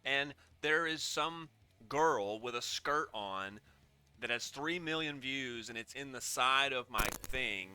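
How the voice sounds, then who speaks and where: A man's voice: mid-range voice, takes it slowly, pushed and bright, clear, resonant tone, dry recording, soft background music. A man casually reacting to a video, rambling and sarcastic, often getting worked up and swearing. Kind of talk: casual profane reaction commentary.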